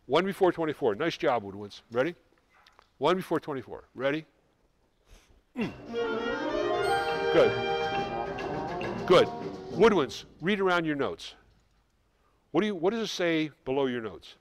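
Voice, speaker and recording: Brisk male band clinician. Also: on the high side. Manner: brisk, sings rhythms to demonstrate. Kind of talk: rehearsal coaching. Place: school band room. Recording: music in the background. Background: band playing.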